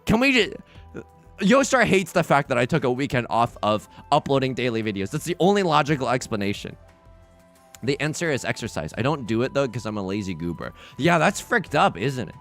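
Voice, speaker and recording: A young man hosting a game livestream, rambling casually with lots of fillers and self-deprecating jokes. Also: mid-range voice. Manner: jokey and animated, then subdued and tearful. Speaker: livestream host. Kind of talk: casual stream chat while gaming.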